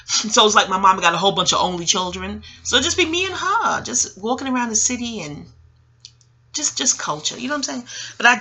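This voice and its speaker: A woman's voice: medium pitch, sharp tone, breathy edge. A middle-aged woman from Harlem, talking in a rambling, profane monologue, digressing and laughing often. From New York, Harlem. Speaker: astrologer and host.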